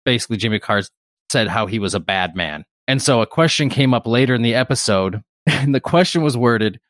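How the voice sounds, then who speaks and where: A man co-hosting a casual podcast, his voice sitting at an ordinary middle pitch. He rambles through stories, laughs often and swears now and then. The sound is close and dry, with no room echo. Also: animated, brisk, fairly bright tone. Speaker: podcast co-host.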